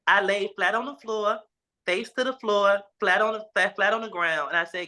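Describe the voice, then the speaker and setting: A man's voice: high-pitched, sharp tone. Emotional man telling a hard story. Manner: halting, emotional, repeats himself and breaks down at times. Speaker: guest sharing his testimony. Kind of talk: emotional personal testimony.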